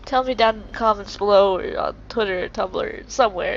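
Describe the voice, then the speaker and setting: A woman's voice: mid-range voice, normal speed, hardly any pauses. A woman giving let's play commentary as she plays a video game, often exclaiming and laughing at it. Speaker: gamer playing a video game. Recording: dull lo-fi mic with faint hiss.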